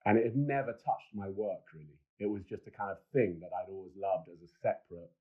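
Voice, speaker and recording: Low-voiced man telling rambling anecdotes. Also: fairly quick. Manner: enthusiastic, rambling anecdotes with many restarts. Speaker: film director guest. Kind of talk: casual podcast storytelling. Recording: dull lo-fi sound.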